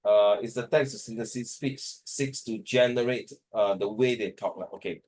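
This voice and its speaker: A man's voice: fairly low pitch, normal speed, darkish tone, low-quality recording. A tired man teaching an online class over a video call, talking in a hesitant, rambling way and slipping into Mandarin.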